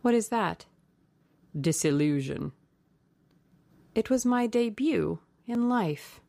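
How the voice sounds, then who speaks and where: A woman's voice: mid-range voice, lively intonation, a little slow, vocal fry, darkish tone, no room sound, pitched above the performer's own voice. A woman reading the part of a witty, flirtatious aristocratic lady with a teasing manner.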